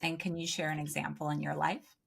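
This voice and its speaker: A woman's voice: low-pitched, little pitch movement, fairly quick, gravelly, fairly bright tone, breathy edge. A woman moderating an online panel, gracious, asking the guests questions. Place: online summit panel, video call.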